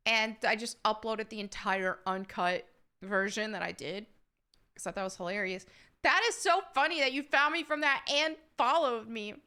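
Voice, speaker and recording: Woman, slight southern american accent, upstate new york, casual Q&A chat, bright tone, fairly high voice, laughs often. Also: normal speed, clear, resonant tone. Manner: chatty, laughs often, reads questions aloud. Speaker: YouTuber answering member questions.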